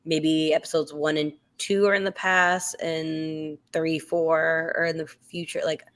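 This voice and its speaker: A woman's voice: sits low, level tone, measured pace. A woman co-hosting a casual live after-show chat, talking loosely with lots of fillers and restarts. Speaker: co-host.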